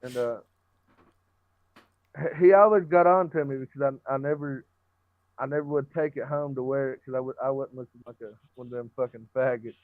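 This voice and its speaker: A man's voice: medium pitch, fairly quick, dry recording. A young man telling stories as a podcast guest in a brash, profane way, laughing through them. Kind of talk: casual storytelling with frequent laughter. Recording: dry, phone-like lo-fi audio.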